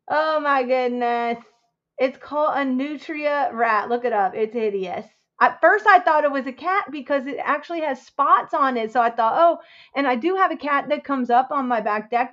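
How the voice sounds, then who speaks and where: A woman chatting casually on a home livestream, excitable and quick to exclaim. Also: high-pitched, lo-fi sound. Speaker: crafting livestreamer.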